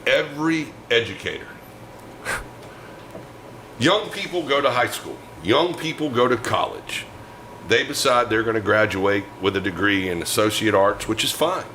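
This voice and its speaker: A man's voice: mid-range voice, lively intonation, normal speed, pushed and bright, a little hiss or hum, rough recording. Emphatic, ranting talk-show man. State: angry. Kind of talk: opinionated political talk.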